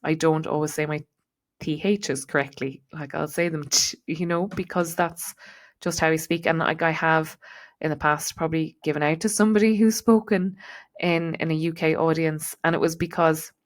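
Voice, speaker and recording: A woman's voice: sits low, normal speed. A woman with a neutral Irish accent, giving a chatty solo podcast talk as host and coach, with frequent ums and likes. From Ireland.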